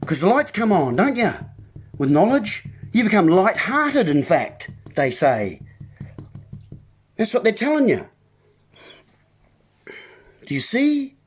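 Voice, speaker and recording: A man's voice: high-pitched, big pitch swings, slow pace, long pauses. A man delivering a rambling monologue as host, full of playful wordplay and talking straight to the listeners as folks.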